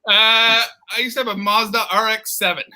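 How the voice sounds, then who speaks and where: Man from Canada, comedian guest, video call, high voice, very bright tone, rambling. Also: little pitch movement, moderate pace, low-quality recording. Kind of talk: casual video call chat.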